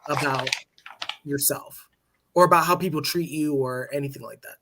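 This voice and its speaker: A man hosting a podcast, asking questions in a halting, hesitant way with many fillers. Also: fairly high pitch, noisy background. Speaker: podcast host. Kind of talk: casual interview questions.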